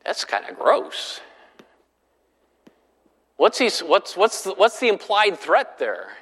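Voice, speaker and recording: A man's voice: high voice, wildly swooping pitch, slow, long pauses, a bit bright, breathy edge. A man teaching a Bible class in a conversational way, often putting questions to his listeners. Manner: conversational, keeps asking the class rhetorical questions. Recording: long hall reverb.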